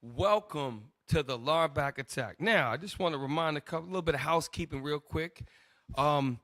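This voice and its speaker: A male host of a religious broadcast segment, talking in a loud, mocking, scolding manner. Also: fairly high pitch, expressive, moderate pace, no echo, clean studio sound.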